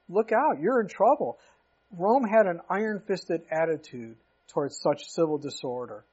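Husky high-voiced preacher. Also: male voice, lo-fi sound. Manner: conversational, emphatic, asks rhetorical questions. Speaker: pastor. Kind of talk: expository sermon.

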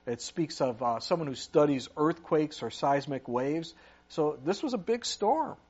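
A male pastor preaching a conversational sermon and reading scripture aloud, with his voice growing loud when he acts out cries for help. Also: a little high, animated, measured pace, slightly rough, lo-fi sound.

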